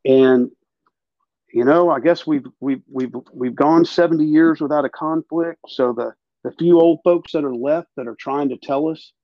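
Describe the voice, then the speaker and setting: A man's voice: a little high, moderate pace, no room sound, dull audio. A man hosting a podcast, talking in an emphatic, profane, ranting way. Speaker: podcast host. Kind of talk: casual political chat.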